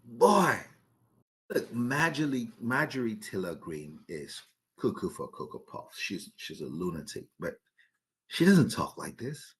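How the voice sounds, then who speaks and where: A man's voice: on the low side, big pitch swings, unhurried. A man hosting a podcast, giving opinionated commentary, asking rhetorical questions and often restarting sentences with repeated words. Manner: emphatic, repeats words when starting sentences; poses rhetorical questions to listeners. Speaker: podcast host.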